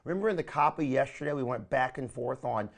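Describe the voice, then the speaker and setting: A man leading a recorded training session, talking in an energetic, coaching way and often calling listeners "my friend". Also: mid-range voice, quick pace, creaky. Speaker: online marketing trainer.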